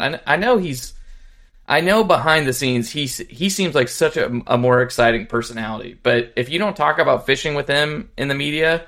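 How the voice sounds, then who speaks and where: A man's voice: medium pitch, moderate pace. A man co-hosting a casual sports podcast, telling stories animatedly and mimicking people he quotes. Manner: animated storytelling, mimics others. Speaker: podcast co-host.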